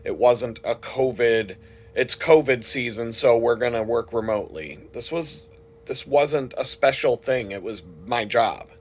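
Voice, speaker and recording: A man's voice: mid-range voice, unhurried. Man on a heated, profane rant. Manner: heated and indignant, frequent swearing. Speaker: vlogger. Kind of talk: profane ranting monologue.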